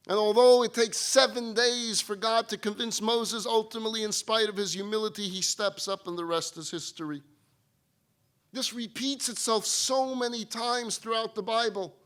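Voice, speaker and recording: Male rabbi, storytelling sermon, crisp and high-pitched. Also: steady tone, normal speed, fairly bright tone. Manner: humorous storytelling. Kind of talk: sermon-style talk.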